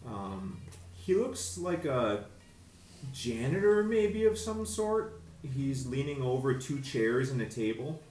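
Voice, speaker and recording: A man's voice: mid-range voice, sing-song, darkish tone, slight background noise. Man narrating as game master. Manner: halting, many fillers. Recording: echoey room, faint music.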